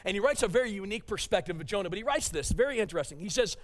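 A man preaching a sermon as pastor, swinging from loud emphatic peaks down to quiet, hushed stretches. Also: high-pitched, expressive, racing, hardly any pauses.

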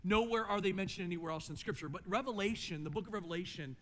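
A man's voice: sits high, fast, fairly bright tone, a little hiss or hum. A man, a pastor, preaching a sermon with emphatic repetition and rhetorical questions. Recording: long reverb of a large hall.

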